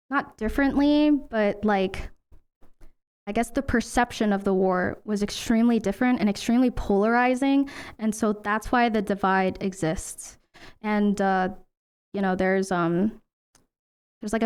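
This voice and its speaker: A young woman streamer talking candidly in halting casual chat, full of fillers and tearing up at times. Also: a little high, smooth.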